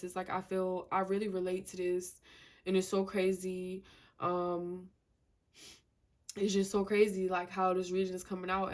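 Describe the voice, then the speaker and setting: Woman tarot reader, casual, emphatic, repeats lines, monotone delivery. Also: mid-range voice. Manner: emphatic, repeats herself, slangy and conversational; fillers like "you know" and "like". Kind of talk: casual tarot reading to camera.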